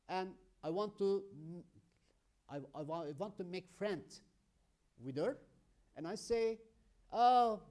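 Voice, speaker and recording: A man teaching an English grammar lesson, explaining slowly and emphatically through examples. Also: sits high, mellow. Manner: slow, emphatic, explains with examples, keeps saying "my friends".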